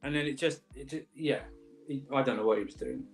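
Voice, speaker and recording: A man of middle pitch chatting casually on a live stream about football. He rambles and restarts his sentences in a playful, bantering way. Faint music plays beneath his voice. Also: fast. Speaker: football podcast co-host.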